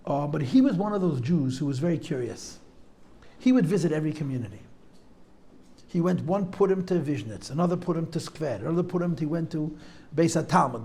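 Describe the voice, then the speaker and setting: A middle-aged teacher talks to a live class in a seminary, his voice pitched high with a gravelly rasp. He drifts from one tangent to the next and circles back over his own phrases. Yiddish and Hebrew words run all through his storytelling. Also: a little mellow. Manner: digressive, repeats phrases, peppers speech with Yiddish and Hebrew terms. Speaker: teacher giving a talk. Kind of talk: storytelling talk at a Chassidic gathering.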